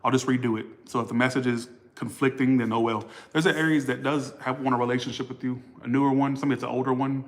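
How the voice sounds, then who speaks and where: A man's voice: medium pitch, steady tone, fast, hardly any pauses. A man giving a casual tarot reading for all the signs, blunt and profane, often losing his place and rambling. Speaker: tarot reader.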